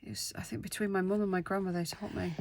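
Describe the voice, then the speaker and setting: Chatty woman with a gravelly voice. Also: mid-range voice, fairly even intonation, fast, a little mellow. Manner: chatty and self-deprecating, talks to viewers while working. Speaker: craft vlogger. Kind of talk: casual craft-along chat.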